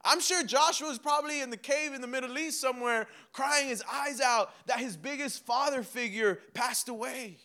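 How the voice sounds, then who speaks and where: A young man preaching a sermon, animated and humorous, acting out little dialogues with himself and God. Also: extremely high pitch, moderate pace, hardly any pauses. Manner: mixes laughter and humor into preaching. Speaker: pastor.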